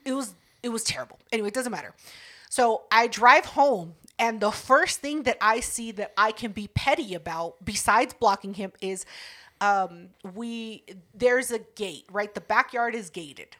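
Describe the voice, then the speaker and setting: A woman's voice: on the high side, normal speed, fairly bright tone. A young woman co-hosting a podcast, telling a story in casual chat with profane indignation. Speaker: podcast co-host.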